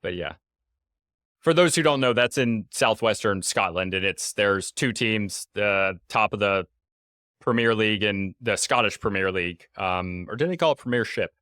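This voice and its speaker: Low-voiced rambling male host. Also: normal speed, pushed and bright, no echo, studio quality. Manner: rambling, hesitant, many fillers. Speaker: podcast host. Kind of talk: casual interview chat.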